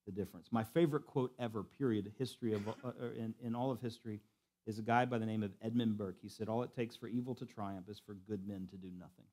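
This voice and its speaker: A man preaching in a church at a mid-range pitch, driving points home by repeating them. He drops low and quiet, then climbs into loud, excited bursts. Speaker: pastor. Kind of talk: sermon. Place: church sanctuary.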